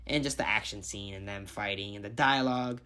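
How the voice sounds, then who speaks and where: A man's voice: lowish voice, a little fast, pushed and bright. Rambling, profane movie-review guy. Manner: rambling, swears freely, thinks aloud. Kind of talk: casual movie review vlog.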